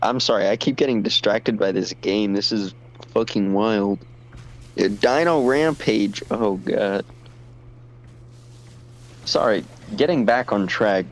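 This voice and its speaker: A man's voice: lowish voice, low-quality recording. A man chatting casually on a stream while playing a game, distracted and apologetic. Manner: slow, distracted, self-deprecating chatter. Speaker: stream co-host.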